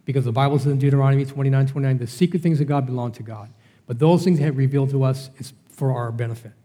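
Middle-aged guy preaching, chatty, asks the room questions, warm dark tone. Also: mid-range voice, fast. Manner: conversational preaching, rhetorical questions. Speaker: pastor. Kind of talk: sermon.

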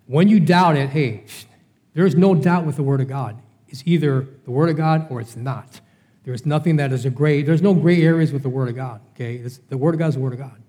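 A man's voice: mid-range voice, fairly quick, dark tone. A middle-aged man preaching a Bible study sermon in a conversational way, asking rhetorical questions. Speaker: pastor.

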